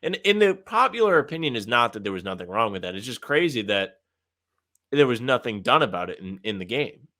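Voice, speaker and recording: A man co-hosting a casual sports podcast, talking in an animated, ranting way with some sarcasm. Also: medium pitch, fairly quick. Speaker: podcast co-host.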